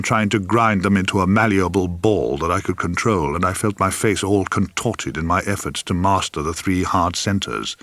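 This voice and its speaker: A man narrating his own memoir with wry, theatrical relish. His voice sits low but swings widely, sinking at times to a hush. The recording is close and dry, with no room echo. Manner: wry, theatrical, dropping to hushed whispers. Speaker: author reading his memoir.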